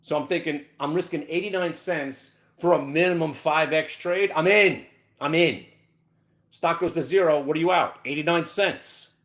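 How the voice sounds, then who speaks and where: A man hosting a live market show, ranting brashly about his trades with sudden shouted outbursts. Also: on the high side, normal speed, few pauses. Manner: excitable, loud bursts of shouting, brash. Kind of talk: live trading rant.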